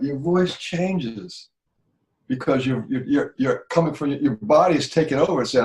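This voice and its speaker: A man's voice: mid-range voice, normal speed, a little mellow, echoey room, rough recording. A man teaching a healing practice in conversation, earnest and repetitive, often checking that he is understood.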